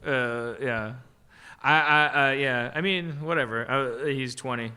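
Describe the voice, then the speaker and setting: A man's voice: mid-range voice, a little slow, sharp tone, smooth. A man hosting a live comedy podcast, rambling with lots of fillers and restarts. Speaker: host.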